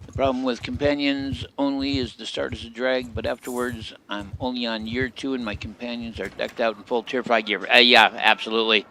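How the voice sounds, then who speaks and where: A man's voice: medium pitch, fairly even intonation, fairly quick, hardly any pauses, sharp tone, a little hiss or hum. A man streaming a game and giving casual commentary, with rambling, chatty asides.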